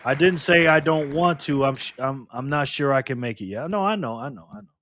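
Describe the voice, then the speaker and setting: Lively teasing man hosting a live stream. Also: mid-range voice, fairly quick, a faint crowd, slight background noise. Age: middle-aged. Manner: lively, teasing, laughs often, reacts to chat. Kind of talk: casual live stream chat.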